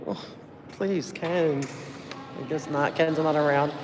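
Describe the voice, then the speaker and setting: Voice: medium pitch, fairly even intonation, slow, in a large hall, slight background noise. Tired chatty livestreamer rambling to viewers. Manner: chatty, rambling, full of fillers and thanks. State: tired, running on little sleep. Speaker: livestreamer at a public meeting. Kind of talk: casual live chat with viewers. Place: city hall building, indoors.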